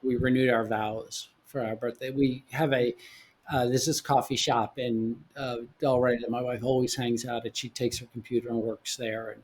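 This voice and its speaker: A man in his forties, a podcast guest, telling his own story in a halting way, often repeating words as he goes. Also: mid-range voice, flat delivery, husky. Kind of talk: candid personal storytelling.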